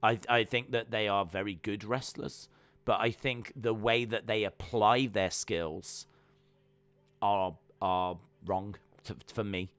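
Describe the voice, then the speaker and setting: Bright-voiced, chatty male streamer. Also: lowish voice, steady tone, slow pace, dry recording. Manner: casual and rambling, many fillers, reads viewer comments aloud. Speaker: wrestling stream host. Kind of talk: live reaction stream chat.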